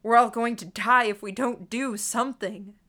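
A woman's voice: fairly high pitch, steady tone, normal speed, bright, forceful tone, pitched above the performer's own voice. A woman doing a desperate, pleading young man. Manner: pleading, with breathy, hollow whispers. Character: pleading young male genius, pinned down and desperate.

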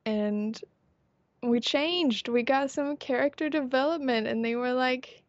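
A woman's voice: high-pitched, a little slow, no room sound. Playful woman podcast co-host, dull sound. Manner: playful, laughs often. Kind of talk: casual chat.

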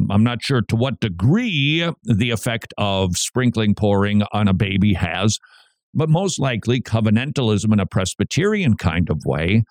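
Animated radio host with Minnesota accent. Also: male voice, medium pitch, dry recording. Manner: animated, jokey, restless asides. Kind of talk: talk radio commentary.

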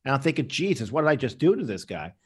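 A man's voice: medium pitch, sing-song, fast talker, husky. A man answering interview questions with rambling anecdotes, acting out the people he quotes. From Canada. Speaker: interview guest, comedian.

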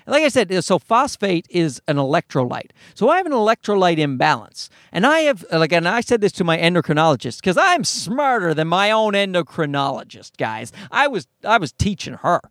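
A man's voice: sits high, brisk, few pauses, no echo, studio quality. A man performing a profane stand-up comedy monologue, telling a story and acting out other people's lines. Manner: profane, animated storytelling with voiced asides.

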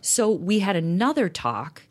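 A woman's voice: medium pitch, big pitch swings, a little slow, darkish tone. A middle-aged woman co-hosting a talk show, speaking earnestly and openly about her marriage in casual chat. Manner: earnest, reflective, open. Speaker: podcast co-host.

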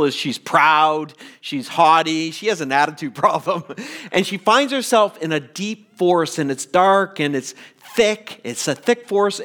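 A man preaching a sermon as pastor, earnest and deliberate, with stammered restarts. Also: fairly high pitch, fairly bright tone.

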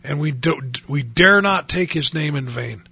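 A man's voice: on the high side, lively intonation, normal speed, gravelly, pushed and bright, breathy edge, dry recording. A middle-aged man preaching on a radio show, earnestly quoting scripture in old-fashioned wording. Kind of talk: radio sermon.

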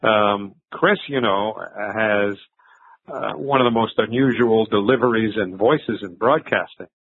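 A man's voice: fairly low pitch, measured pace, breathy edge, dry recording. An older man, a veteran sports broadcaster, telling stories in a conversational interview, with fillers and restarts. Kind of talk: reflective interview answers. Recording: thin phone-like line.

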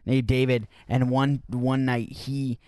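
A man's voice: medium pitch, little pitch movement, takes it slowly, darkish tone, clean tone, no room sound, studio quality. A man telling touring stories in casual chat, rambling with lots of fillers. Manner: rambling with many fillers and restarts.

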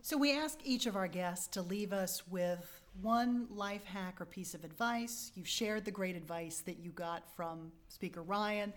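A woman hosting an interview, asking questions in a chatty, encouraging way with fillers. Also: mid-range voice. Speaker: interview host.

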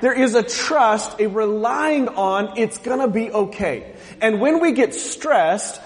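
A man's voice: high voice, lively intonation, slow, in a large hall. A man from the US West Coast preaching a sermon as pastor, joking and asking the congregation questions. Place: church sanctuary.

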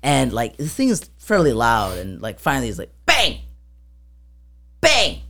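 A woman's voice: rumbling low, sing-song, fairly quick. A woman co-hosting a casual chat, telling a long story with lots of fillers and acted-out sounds. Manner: rambling with many fillers, acts out sounds. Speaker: podcast co-host.

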